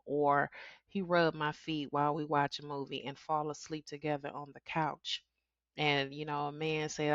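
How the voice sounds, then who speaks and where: A woman's voice: sits low, fairly even intonation, a little slow, dry recording, highs cut off. A middle-aged woman hosting a solo podcast, talking candidly and chatting with frequent laughs. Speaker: podcast host. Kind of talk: casual solo podcast talk.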